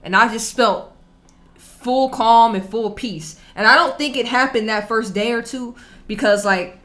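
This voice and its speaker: Bright, chatty woman reacting casually. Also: fairly high pitch, measured pace. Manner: chatty, slangy, laid-back storytelling. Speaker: reaction video host.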